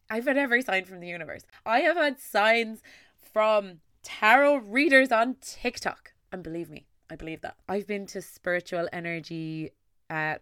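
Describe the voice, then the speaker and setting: An Irish woman hosting her own podcast, talking alone in an excitable, gushing way and rushing her words out in bursts. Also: medium pitch, no echo, clean studio sound. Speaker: podcast host. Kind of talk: solo podcast intro monologue.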